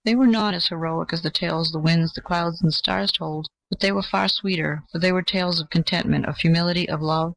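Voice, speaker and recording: A narrator reading an old fairy tale aloud in a measured, gentle way. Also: mid-range voice, steady tone, creaky, rough recording. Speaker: audiobook narrator. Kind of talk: scripted storybook narration.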